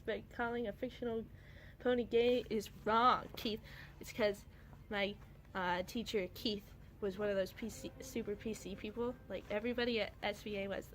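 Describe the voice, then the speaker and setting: A woman in her twenties reading her old comics aloud to her cat, casual chat with a deadpan, wry manner. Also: on the high side, normal speed, faint music behind.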